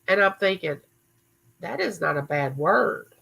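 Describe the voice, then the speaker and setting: A woman's voice: on the low side, expressive, a little slow, creaky, bright, forceful tone, breathy edge, rough recording. A woman hosting a casual live chat from her home recording room, reading viewer comments aloud and answering people by name. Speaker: livestream host.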